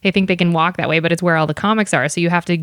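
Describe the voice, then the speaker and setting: Smooth-voiced chatty woman host. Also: fairly low pitch, racing, dry recording, clean studio sound. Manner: chatty, laughs often, animated storytelling. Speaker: podcast host. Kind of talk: casual chat.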